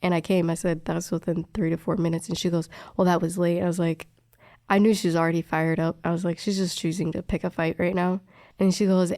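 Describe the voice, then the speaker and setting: A woman's voice: fairly low pitch, quick pace, dry recording, clean studio sound. Chatty young woman telling a story. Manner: animated, acts out quoted dialogue, many fillers. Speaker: respiratory therapist telling a story. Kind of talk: casual storytelling chat.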